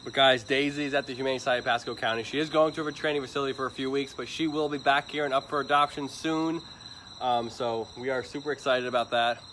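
A chatty man talks casually to his livestream viewers and sweet-talks a dog at an animal shelter. His voice sits at a middle pitch. The phone recording is outdoors, with crickets and clear background noise. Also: fairly even intonation, quick pace, a bit bright. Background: crickets and insects.

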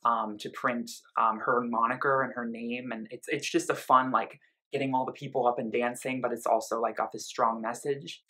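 A man's voice: mid-range voice, level tone, normal speed, bright, forceful tone, low-quality recording. A man giving a casual spoken album review, explaining his ideas in loose bursts full of "um" and "you know" asides.

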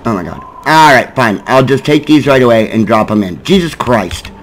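A man giving gameplay commentary, frustrated and swearing at the game, with sudden yelled bursts. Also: animated, moderate pace, slight background noise, rough recording. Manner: yelling in sudden high bursts. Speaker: gaming YouTuber.

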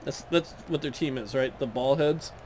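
A man playing a football video game and joking crudely and excitably as he comments on the action. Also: mid-range voice, normal speed, slight background noise. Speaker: Let's Play gamer. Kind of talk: casual gameplay commentary.

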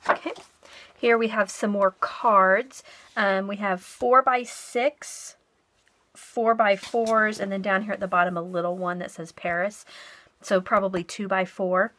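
A woman's voice: medium pitch, steady tone, a little slow, a bit bright. A woman, likely middle-aged, chatting casually to her viewers as she shows and describes craft purchases. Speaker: craft vlogger. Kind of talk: casual haul and flip-through narration.

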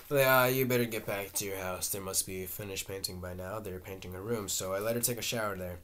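A man with a fairly low voice reads a play aloud, taking every part himself. He reads the stage directions along with the lines and now and then stumbles and starts over. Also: fairly even intonation. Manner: halting, with restarts and stage directions read aloud. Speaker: reader. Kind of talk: amateur reading of a play, all parts.

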